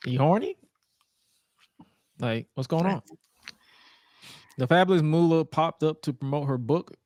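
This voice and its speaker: A man's voice: a little high, moderate pace, darkish tone, no room sound. A man co-hosting a podcast, recapping old wrestling shows in a laid-back, joking, profane way. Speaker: podcast co-host. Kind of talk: casual wrestling recap chat.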